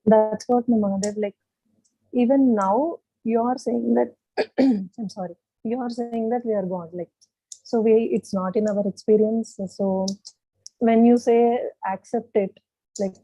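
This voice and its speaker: Woman, very dark mellow tone, hesitant, dry close sound. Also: fairly high pitch, fairly even intonation, unhurried, no room sound, poor audio. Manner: hesitant, many fillers like "like". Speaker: participant asking a question. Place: video call.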